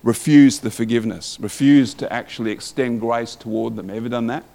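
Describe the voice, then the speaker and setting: A man's voice: medium pitch, a little fast, creaky, mellow. Conversational male preacher. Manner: conversational, reads scripture aloud, asks the listeners questions. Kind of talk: sermon.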